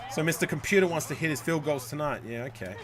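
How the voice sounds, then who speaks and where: A man streaming a football video game live, chatting with viewers and swearing and shouting at plays. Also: on the high side, lively intonation, fast talker, noisy background. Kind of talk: live gameplay commentary.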